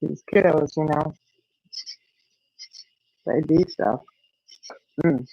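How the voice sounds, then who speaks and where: A middle-aged woman, chatting casually and telling a lively story, acting out the voices in it. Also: low-pitched, drawn-out words, gravelly, no echo, dull audio. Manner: animated storyteller, acts out quotes. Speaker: host. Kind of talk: casual chat.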